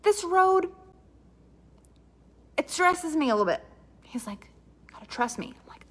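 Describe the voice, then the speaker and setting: A woman's voice: on the high side, big pitch swings, normal speed, pauses often. A woman from Canada telling a comic personal story with dramatic asides and quoted dialogue.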